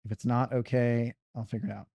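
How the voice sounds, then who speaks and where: Mellow-voiced man thinking aloud while gaming. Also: medium pitch, little pitch movement, a little fast, vocal fry, no room sound. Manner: muttering to himself, thinking aloud. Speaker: speedrunner streamer. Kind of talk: casual gameplay commentary. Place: living room on couch.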